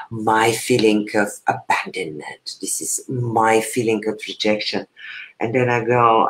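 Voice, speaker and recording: A woman coach talks slowly and earnestly in a personal conversation. Her delivery is halting, and she often repeats a phrase before she carries on. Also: very deep voice, poor audio. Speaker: spiritual coach and interview guest. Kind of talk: heartfelt personal sharing in conversation.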